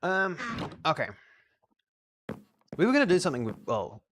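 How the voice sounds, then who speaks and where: A man's voice: on the high side, huge pitch swings, normal speed, fairly bright tone. An Australian man streaming a game and chatting casually, rambling and restarting his sentences as he answers chat. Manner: reads out and answers chat questions. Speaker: live streamer.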